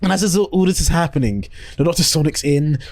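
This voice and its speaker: A man co-hosting a casual review podcast, swearing a lot and acting out scenes in shrill voices. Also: fairly quick, darkish tone, no echo. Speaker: podcast co-host.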